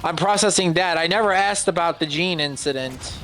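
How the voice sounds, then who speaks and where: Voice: medium pitch, fairly quick, crowd noise. A guest on a game stream talking in a flustered, rambling way in casual chat. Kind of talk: casual let's-play chat.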